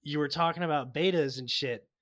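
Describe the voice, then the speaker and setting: A man's voice: on the high side, a little fast, fairly bright tone, no room sound. A man co-hosting a podcast in casual chat, rambling through stories and laughing often. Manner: giggly rambling storyteller. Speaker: podcast co-host.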